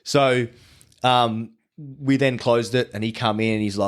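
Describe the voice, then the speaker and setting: This man's fairly low voice has little pitch movement and a clean tone, and he talks at a moderate pace. As a podcast guest he tells stories in a loose, casual way, swearing bluntly and often breaking off to restart sentences over the details.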